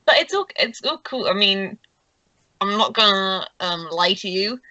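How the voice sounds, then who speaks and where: A woman's voice: mid-range voice, animated, unhurried, sharp tone, no echo, muffled recording. A woman narrating a tabletop game as game master, casual and giggly.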